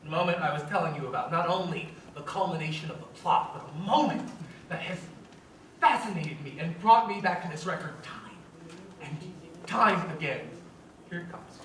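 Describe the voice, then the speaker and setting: Actor as a confiding stage narrator, bright and lively, in a very echoey hall. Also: male voice, a little high, moderate pace, slight background noise, lightly acted. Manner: confiding, chatty aside to the audience. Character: wistful middle-aged man, musical fan narrator. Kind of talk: live stage musical, direct address. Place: school theater stage. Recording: very echoey hall, distant mic.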